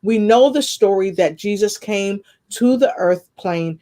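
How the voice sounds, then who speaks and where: A woman's voice: mid-range voice, a little slow. Earnest woman telling a personal story. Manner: earnest, expressive storytelling with spiritual references. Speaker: guest. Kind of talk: personal testimony in conversation.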